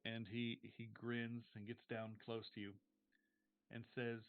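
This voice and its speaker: Man, game master, tabletop game, hesitant restarts, mid pitch, phone-like sound, faint music. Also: completely flat delivery, unhurried, smooth. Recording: tinny call audio with faint music.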